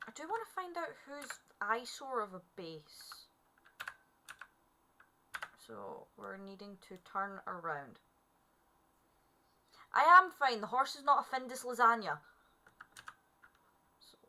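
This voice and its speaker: A woman's voice: mid-range voice, very animated, measured pace, pauses often, sharp tone, slight background noise. A woman, chatting playfully to herself and the animals while streaming a game. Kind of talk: casual gameplay commentary. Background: background music.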